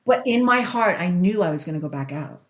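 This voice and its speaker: A woman in her sixties from Spain, a guest talking candidly about her life, emotional and quick, repeating words as she goes. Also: on the low side, animated. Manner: emotional, rushed, repeats herself. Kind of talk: candid interview storytelling. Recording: echoey room.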